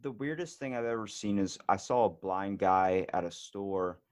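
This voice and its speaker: A man's voice: on the low side, moderate pace, a little mellow. A man hosting a podcast, chatting casually and joking around, swearing freely. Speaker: podcast host. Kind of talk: casual comedic chat.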